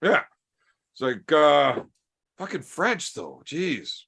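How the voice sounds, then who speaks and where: A man's voice: fairly high pitch, sing-song, takes it slowly, vocal fry, pauses often, a bit bright, breathy edge. A man in his thirties telling a rowdy, profanity-laced story over beers, acting out the dialogue as he goes. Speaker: podcast host.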